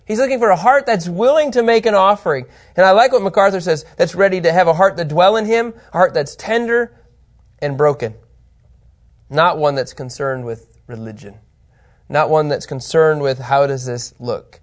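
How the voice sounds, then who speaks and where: A man teaching an informal Bible lesson, animated and chatty, often checking in with his listeners and his co-host. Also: a little high, moderate pace.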